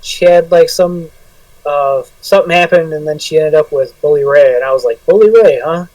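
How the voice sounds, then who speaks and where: A man co-hosting a casual podcast, joking around and cursing freely. His voice sits a little high and sounds set back from the microphone in a dead, dry room. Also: steady tone, normal speed, a little mellow, no echo, far from the mic, poor audio. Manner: joking, swears a lot. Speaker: podcast co-host. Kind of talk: casual banter.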